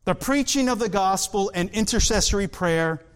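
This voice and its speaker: A man preaching a sermon in an earnest, emphatic way, drawing out key words slowly. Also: high voice, expressive, clean tone. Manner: earnest, emphatic, with slow drawn-out stresses.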